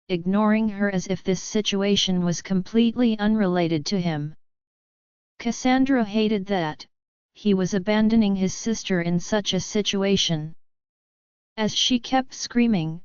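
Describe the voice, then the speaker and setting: A woman narrating a fantasy audiobook in a steady, measured way. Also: mid-range voice, smooth, dry recording, muffled recording.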